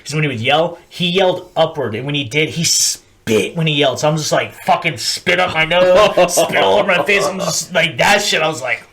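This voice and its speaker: A young man, a former Marine co-hosting a podcast, telling crude boot camp stories and acting out yelling drill instructors. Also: fairly high pitch, brisk, hardly any pauses. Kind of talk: crude casual storytelling.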